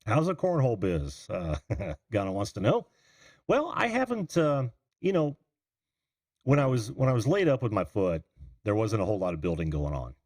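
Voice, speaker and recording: His pitch is fairly low but swings widely, his pace is moderate, and his tone is a little mellow. This middle-aged man hosts a call-in livestream, casually rambling and fielding viewer chat comments, heard through a computer mic on a video call in a dry, clean, studio-like recording.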